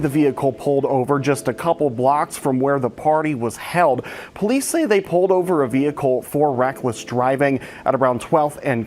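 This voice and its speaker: Guy doing a local news report, measured and formal, average pitch.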